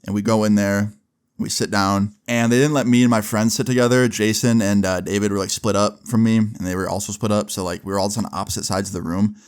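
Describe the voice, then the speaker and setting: A man's voice: lowish voice, steady tone, fast, clear, resonant tone. Chatty young man telling a story. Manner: loose and chatty, heavy on "like" and swearing. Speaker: storyteller vlogger. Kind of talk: casual storytime vlog.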